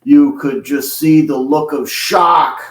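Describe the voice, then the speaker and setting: Slow-talking man on a distant roomy mic. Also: on the high side, fairly even intonation. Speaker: podcast guest. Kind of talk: casual storytelling.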